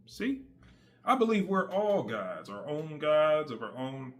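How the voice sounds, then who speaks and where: A man's voice: fairly high pitch, very animated, slow pace. A man giving a casual, slangy faith testimony straight to his audience, emphatic and conversational. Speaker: faith vlogger.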